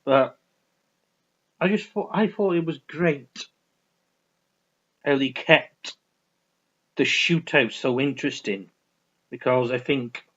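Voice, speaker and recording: A man's voice: medium pitch, slow pace, long pauses, a bit bright. Rambling, swearing man, lo-fi. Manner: rambling, restarts a lot, swears freely. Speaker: vlogger reviewing films. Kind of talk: casual film review rant. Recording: dull lo-fi recording.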